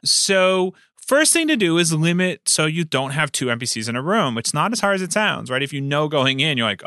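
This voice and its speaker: A man talks shop about running tabletop games in an easy, chatty way. His voice is bright and forceful, and it swings up and down with energy. The sound is dry and close. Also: on the high side, normal speed, hardly any pauses, no room sound. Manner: animated, laughs often. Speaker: podcast co-host and game master. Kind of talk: casual chat.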